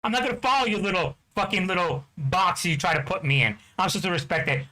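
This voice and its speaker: A high-pitched man from New Jersey tears through an angry, profane rant at a rapid clip. His bright, sharp voice presses hard, looping back to the same fillers again and again. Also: slight background noise, rough recording. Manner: profane, heated, repeats "you know what I'm talking about". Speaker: game streamer. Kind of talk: angry ranting chat.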